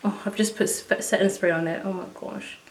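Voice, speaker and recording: A woman chatting to viewers as she works through a casual makeup tutorial at home, excitable and talking as she goes. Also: medium pitch, fairly quick. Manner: chatty, excitable, talks to viewers while working. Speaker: beauty vlogger. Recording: echoey room.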